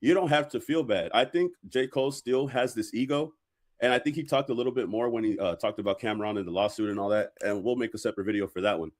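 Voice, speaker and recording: Measured man reacting to a clip. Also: mid-range voice. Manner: measured, explains his view step by step. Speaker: host of a reaction channel. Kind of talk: casual commentary.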